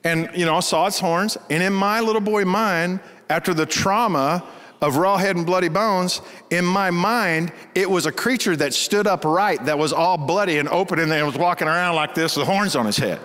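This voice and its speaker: Animated pastor in a reverberant hall. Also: male voice, high voice, moderate pace. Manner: animated, laughing storyteller. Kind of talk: storytelling sermon.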